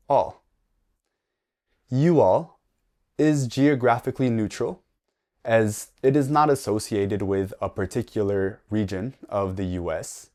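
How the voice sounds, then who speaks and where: A young man, reading a scripted English lesson slowly and carefully for learners. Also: mid-range voice, darkish tone. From United States. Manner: slow, careful, deliberate delivery for learners. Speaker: English teacher. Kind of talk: slow scripted lesson narration.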